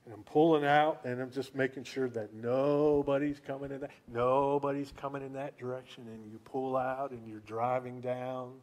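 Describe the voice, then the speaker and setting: A male preacher giving a sermon, telling stories in an animated way and asking rhetorical questions. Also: medium pitch, moderate pace, hardly any pauses.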